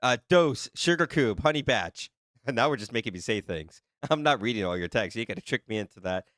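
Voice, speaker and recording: Flustered, excitable man hosting a livestream. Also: medium pitch, fairly quick, no room sound, clean studio sound. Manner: flustered and excitable, laughing often, teasing viewers. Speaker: livestream host reading chat. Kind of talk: casual live-stream chat.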